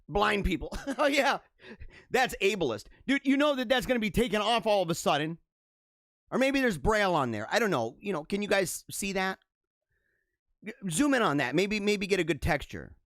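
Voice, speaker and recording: Give me a young man chatting with viewers on a livestream, his voice high and lively, full of laughter and rambling asides. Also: normal speed, dry recording, clean studio sound. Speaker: show host reading viewer comments. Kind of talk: casual livestream chat.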